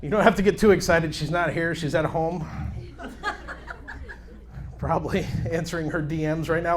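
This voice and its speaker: A man's voice: a little high, animated, a little slow, long pauses, a crowd in the background. A man in his thirties doing a crude, brash stand-up set on a comedy club stage, acting out voices of his family.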